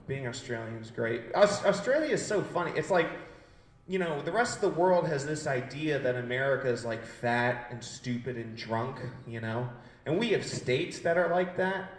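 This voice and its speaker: In a gallery space turned comedy stage, a brash young comedian in his twenties works the crowd with profane material and riffs. His voice is a little high, and the room is reverberant.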